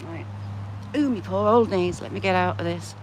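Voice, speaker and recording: A woman's voice: fairly low pitch, moderate pace, a little hiss or hum. A woman walks through a churchyard on a casual vlog, chatting playfully and reading old headstones aloud. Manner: chatty and playful, jokingly greeting the graves. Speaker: vlogger giving a walking tour. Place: outdoors in a churchyard among trees.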